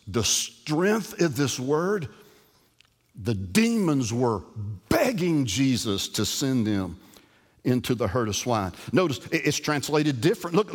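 Emphatic pastor preaching in a hall. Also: male voice, mid-range voice. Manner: repeats words when starting, swings from soft to emphatic. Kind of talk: sermon.

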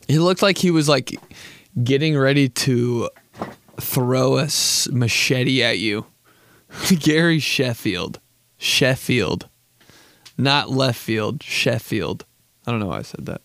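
A man's voice: medium pitch, lively intonation, moderate pace, fairly bright tone, no room sound, studio quality. Rambling, profane young guy. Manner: rambling, profane, self-mocking, full of "like" and laughter. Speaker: podcast host. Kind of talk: casual comedic storytelling.

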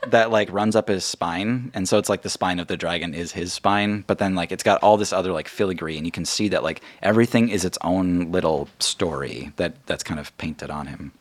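Man, game master, casual, rambling, filler-heavy, very low voice. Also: fairly quick, few pauses, no room sound. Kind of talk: narrating a tabletop game.

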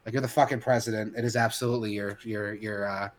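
A man's voice: on the low side, fairly even intonation, quick pace. A man co-hosting a podcast, ranting heatedly in casual chat with many restarts and fillers. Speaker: podcast co-host.

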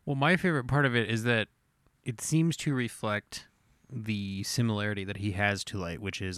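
A man's voice: on the low side, animated, normal speed, fairly bright tone, no room sound. A man hosting a casual podcast discussion, rambling with fillers and laughing often. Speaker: podcast host.

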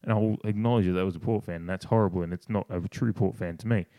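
A man's voice: fairly even intonation, quick pace, dark tone, dry recording. A man on a casual podcast, talking with passion and swearing, often restarting his sentences. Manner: passionate, swears, restarts and mimics others in a higher voice. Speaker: podcast co-host. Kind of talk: casual opinionated podcast talk.

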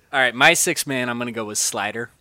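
A man co-hosting a podcast, chatting casually about a film and acting out scenes with quick impressions. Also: mid-range voice, dry recording, clean studio sound. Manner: animated, acts out movie scenes in quick impressions. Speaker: podcast co-host.

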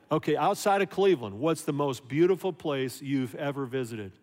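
Animated preaching man in a reverberant hall. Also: mid-range voice, a little fast, hardly any pauses. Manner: conversational, animated, rhetorical questions. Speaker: pastor. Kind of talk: sermon.

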